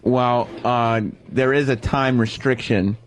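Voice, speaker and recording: A man's voice: medium pitch, fairly even intonation, takes it slowly, slight background noise. A man on a radio show asking dry, probing questions.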